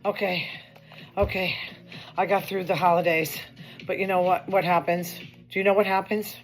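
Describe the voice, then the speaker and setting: A woman's voice: lowish voice, little pitch movement, moderate pace, soft background music. A woman hosting her own show, talking in a chatty, wry way with complaining asides. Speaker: host. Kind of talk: casual monologue commentary.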